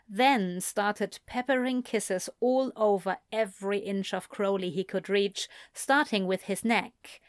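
A woman reading fan fiction aloud in a soft, unhurried storytelling manner. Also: mid-range voice, no echo, studio quality. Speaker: reader.

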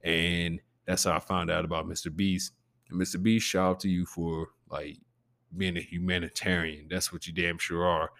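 A man with a gravelly growl in his voice, hosting a podcast in a loose, rambling and profane casual chat. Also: low voice, flat delivery, normal speed, fairly bright tone, dry recording. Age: adult with a preteen nephew. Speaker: podcast host.

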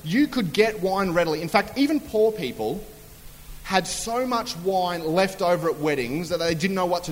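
A man's voice: sits high, fairly bright tone. A man preaching a humorous sermon in a chatty storytelling way, acting out quotes. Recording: long hall reverb.

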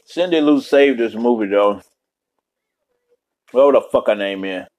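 A man's voice: medium pitch, normal speed, darkish tone. A man hosting a podcast, giving loose, profane, rambling commentary while reacting to a movie.

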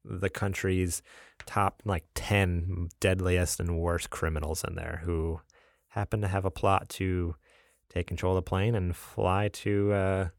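A man's voice: sits low, level tone, a little slow, vocal fry, no room sound, studio quality. A man co-hosting a podcast in casual chat, laid-back and laughing often, with many fillers. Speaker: podcast co-host.

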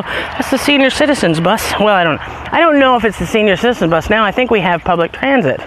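A man chatting casually as he walks his dogs up a hilly road outdoors, a bit out of breath, now and then calling the dogs in a high sing-song voice. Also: animated, quick pace, hardly any pauses, fairly bright tone, slight background noise. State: out of breath from walking uphill. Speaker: podcast host. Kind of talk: casual walking vlog.

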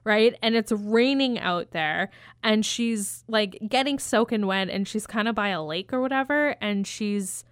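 A woman's voice: mid-range voice, measured pace, clear, resonant tone, dry recording, studio quality. A woman casually retelling a film scene, rambling and swearing as she acts out the characters. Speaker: podcast co-host.

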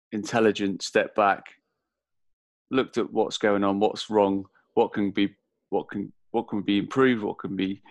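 A man's voice: lowish voice, dry recording. A man with an English accent, hosting a podcast interview, talking in a rambling way and restarting his sentences often. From England. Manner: rambling, halting, with many fillers and restarts. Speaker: podcast host. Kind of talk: casual interview chat.

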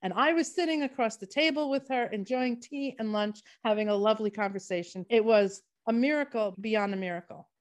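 A woman's voice: a little high, fairly quick, few pauses. A woman co-hosting a podcast, chatting casually and telling long rambling stories. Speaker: podcast co-host. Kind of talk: casual chat.

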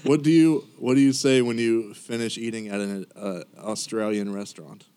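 Lower-voiced man telling dad jokes. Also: moderate pace, slight background noise. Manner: relaxed, drops to a mumble, dad-joke teller. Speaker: podcast co-host telling jokes. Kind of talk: casual podcast banter.

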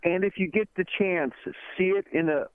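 A man's voice: high voice, moderate pace, smooth, no echo. Rambling man on a tinny phone line. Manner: rambling, animated storyteller. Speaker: guest. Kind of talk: casual chat over a phone call.

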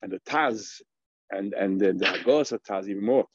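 A man's voice: lowish voice, moderate pace, no echo, highs cut off. Man teaching a Talmud lesson.

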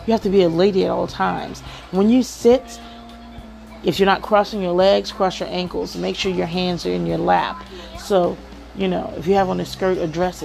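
Gravelly-voiced woman telling stories. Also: on the low side, a little mellow. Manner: chatty storytelling, many "you know"s. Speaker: podcast host. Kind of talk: casual advice monologue.

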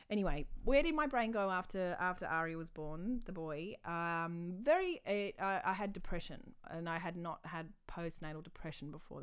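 Woman, casual interview chat, lower pitch, laughing, self-mocking. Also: clear, resonant tone. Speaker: comedian guest.

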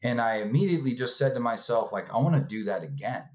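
A man's voice: mid-range voice, animated, fast. A man from California, a podcast guest, telling his story in a casual, filler-heavy way and acting out the voices he quotes. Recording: dull lo-fi sound.

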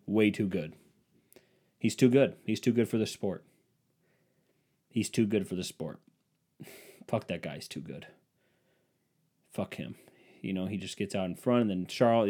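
Young male host, casual comedic rant, sarcastic, warm low-toned voice. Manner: sarcastic, swings from loud bursts to muttered grumbling.

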